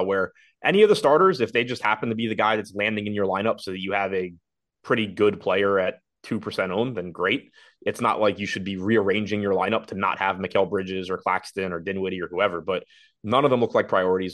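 A man's voice: fairly low pitch, fairly bright tone. A man co-hosting a fantasy basketball show, thinking aloud as he breaks down player ownership and projections. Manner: rapid, analytical, thinking aloud. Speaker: fantasy sports podcast co-host. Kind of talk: casual sports betting chat.

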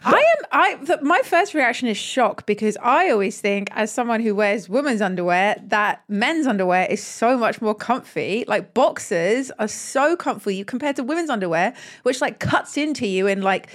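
A woman's voice: fairly high pitch, lively intonation, moderate pace, few pauses. A woman co-hosting a podcast, chatting expressively and cursing freely. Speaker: podcast co-host. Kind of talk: casual chat.

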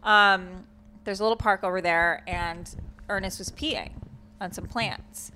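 A woman hosting a podcast, telling animated stories in casual chat and swearing freely. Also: medium pitch, measured pace, slight background noise. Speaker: podcast host.

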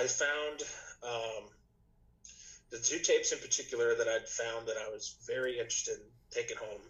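A musician guesting on a podcast tells a rambling story in casual chat, his medium-pitched, fairly bright voice captured in poor audio. He restarts often and says "you know" a lot, and his voice is slightly rough as he clears his throat.

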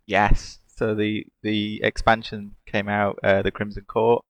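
A man's voice: lowish voice, completely flat delivery, unhurried, no echo. A man, co-hosting a casual games podcast, talking with enthusiasm and laughing often. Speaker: podcast co-host discussing games. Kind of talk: casual chat.

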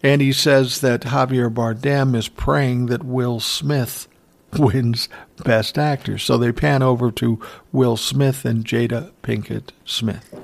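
A man casually retelling an event in unhurried, profane commentary, chuckling now and then. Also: mid-range voice, fairly even intonation, creaky.

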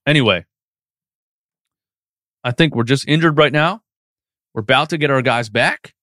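A man's voice: medium pitch, moderate pace, bright, forceful tone, no room sound, studio quality. A man hosting a live post-game sports stream, reading chat questions and ranting with feeling. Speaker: sports podcast host.

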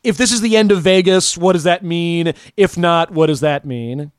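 A man's voice: fairly high pitch, moderate pace, clear, resonant tone, dry recording, studio quality. A man co-hosting a podcast, talking in an enthusiastic, rambling way with repeated words. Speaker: podcast co-host. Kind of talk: casual chat.

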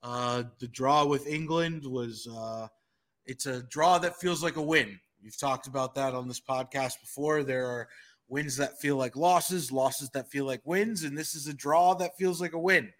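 A man's voice: medium pitch, a little slow, a bit bright. A man hosting a podcast in casual chat, wry and chatty with hesitant asides. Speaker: podcast host.

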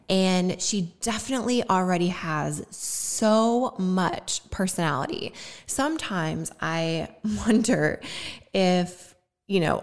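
A young woman speaks in a fairly low voice, reflective and heartfelt. She talks like a podcast host sharing something personal, her voice catching now and then with emotion. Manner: heartfelt, tearful at moments, laughing through emotion.

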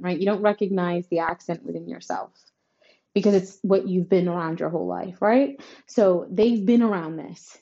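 Addressing her listeners directly, a female astrology reader delivers a tarot-style horoscope to camera, tagging her emphatic, reassuring points with "right?" She speaks at a moderate pace in a mellow, lowish voice, and the recording is muffled.

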